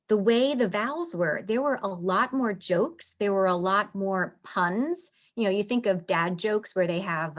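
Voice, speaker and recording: A woman explains a play in a relaxed, conversational teaching voice. Her pitch sits in the middle of the range for a woman. She talks chattily, with frequent fillers and restarts. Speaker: literature teacher. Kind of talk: casual explanatory lesson.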